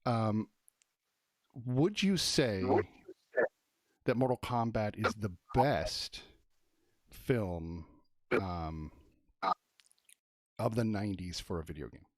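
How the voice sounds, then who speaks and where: A man hosting a casual movie review live stream, thinking out loud and talking fast with lots of fillers. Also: fairly low pitch, lively intonation, no echo, studio quality.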